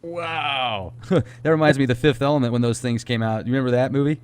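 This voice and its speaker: A man hosting a casual interview, enthusiastic and quick to laugh. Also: mid-range voice, darkish tone, clear, resonant tone. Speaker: host.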